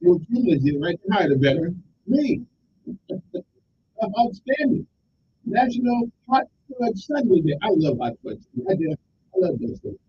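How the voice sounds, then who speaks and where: Male talk radio host, high and lively voice, rambling jokey monologue, faint rumble behind. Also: a little slow, creaky, pauses often, highs cut off. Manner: joking, rambling, animated delivery. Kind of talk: casual call-in radio monologue.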